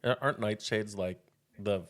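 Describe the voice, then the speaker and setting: A man's voice: on the low side, moderate pace, a bit bright. A man co-hosting a casual coffee podcast, laid-back and mumbling asides. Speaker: podcast co-host. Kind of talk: casual chat, coffee tasting.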